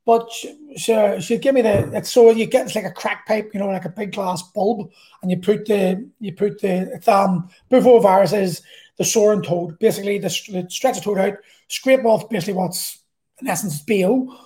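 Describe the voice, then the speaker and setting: A man's voice: high voice, moderate pace, dark tone. A middle-aged man with a Belfast accent, telling a personal story in a blunt, sweary, rambling way. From Northern Ireland.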